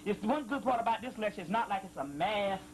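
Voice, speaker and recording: A man lecturing to an audience, slowly reading passages aloud and stopping often to explain them and check that listeners follow. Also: high-pitched, expressive, a little hiss or hum, low-quality recording. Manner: slow emphatic reading of quotes, frequent "you see what I'm saying". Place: lecture hall with live audience.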